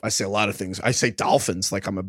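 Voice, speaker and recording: A man's voice: fairly low pitch, steady tone, fast talker, fairly bright tone, no echo, studio quality. A man co-hosting a sports podcast, who rambles, mocks himself and steers the talk. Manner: rambling, self-mocking, steers the show. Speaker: podcast co-host. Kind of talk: casual sports podcast banter.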